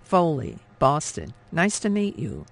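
A man's voice: fairly high pitch, huge pitch swings, a little slow, creaky, full character voice. A man voicing a friendly American male airman, a major, speaking politely and heartily in an audiobook.

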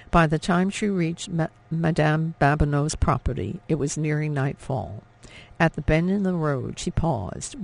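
A man giving a measured, dramatic scripted narration of an audiobook. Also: on the high side, creaky.

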